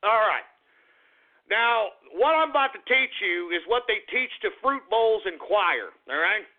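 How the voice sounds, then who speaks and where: A man's voice: high-pitched, big pitch swings, measured pace. A man hosting a talk radio show, ranting in a crude, repetitive monologue. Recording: tinny phone-like radio sound.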